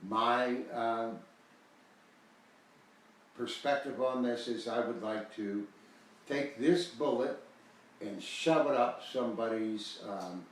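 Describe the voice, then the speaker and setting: Speaking slowly with long pauses in a mid-range voice, the host is an older American man promoting a foreclosure guide. He drifts along in a relaxed, folksy manner, stressing key words hard. The recording is very echoey, captured well away from him.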